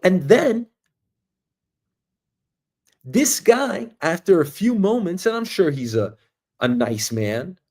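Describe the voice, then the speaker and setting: A man from Queens, hosting a show and telling a meandering comic story, swinging between loud bursts and quiet asides. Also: sits high, big pitch swings, slow, pauses often. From Queens, New York, US. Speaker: show host. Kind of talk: rambling comic monologue. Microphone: streaming mic.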